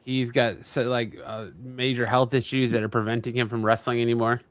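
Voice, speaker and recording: Animated teasing man, dry close sound. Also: mid-range voice, fairly quick, smooth, no room sound. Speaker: podcast host. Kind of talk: casual wrestling chat.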